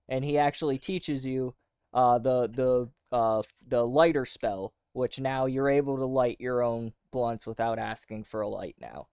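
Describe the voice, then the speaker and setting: Chill dm guy rambling thru the rules, smooth voice, dry room. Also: mid-range voice, measured pace, a little mellow, no echo. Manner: casual, rambling with fillers. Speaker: game master. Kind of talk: running a tabletop game.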